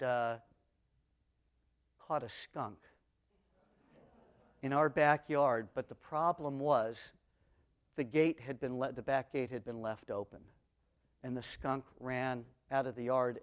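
A man teaching an expository sermon on the Psalms, swinging between booming emphasis on scripture and quiet asides, with a personal story mixed in. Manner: reads scripture aloud with rising intensity. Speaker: Bible teacher.

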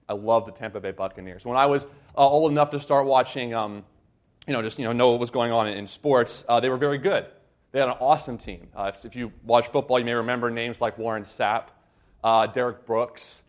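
A young man from Florida gives a relaxed, conversational sermon. He often stumbles and restarts, and he makes fun of himself as he goes. He reads the scripture passages slowly and deliberately. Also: medium pitch. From Florida, USA. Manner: conversational, self-deprecating, many fillers and restarts. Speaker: preacher. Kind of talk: informal sermon with scripture reading.

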